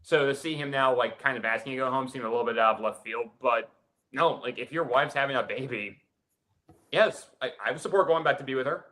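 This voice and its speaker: A man's voice: medium pitch, fairly quick, pushed and bright. A man co-hosting a casual podcast who chats in an easygoing way and uses "like" a lot.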